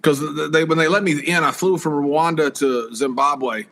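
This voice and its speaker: A man telling casual, animated stories in a talk show interview, swearing and acting out the voices of the people in them. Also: fairly high pitch, moderate pace. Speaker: guest, former wrestler and commentator. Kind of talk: casual storytelling.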